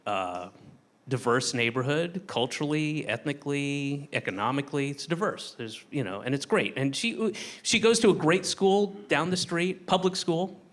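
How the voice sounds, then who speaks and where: A man's voice: fairly high pitch, lively intonation, normal speed, a bit bright. A man doing stand-up, telling a rambling, self-mocking story full of swearing, with a live audience. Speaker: stand-up comedian. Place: stage before a laughing audience. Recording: live stage recording with audience noise.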